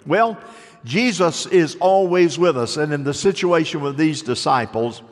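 An older man preaching a sermon, telling stories and moving between lively stretches and soft, hushed passages. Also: a little high, unhurried, big-room sound. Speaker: pastor.

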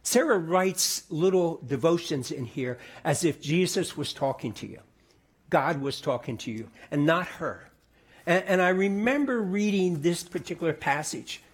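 A middle-aged man preaching a sermon in a conversational way, often repeating words and dropping to soft, quiet tones. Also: on the high side, expressive, a little slow, slightly rough. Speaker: pastor.

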